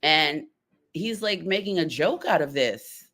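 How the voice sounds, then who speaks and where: Chatty reaction commentator, mid pitch. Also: lively intonation, measured pace, sharp tone. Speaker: stream commentator.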